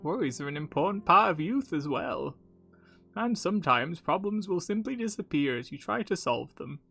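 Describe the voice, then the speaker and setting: A man voicing a polite older male cafe-owner bird, talking in a formal, gentle and measured way. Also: fairly high pitch, lively intonation, gravelly, husky, faint music behind, exaggerated voice. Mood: kindly.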